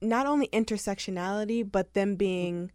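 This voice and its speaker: A woman's voice: mid-range voice, normal speed, a little mellow, no echo, clean studio sound. A woman hosting a podcast interview, affirming and encouraging her guest. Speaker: podcast host. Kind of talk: casual interview chat.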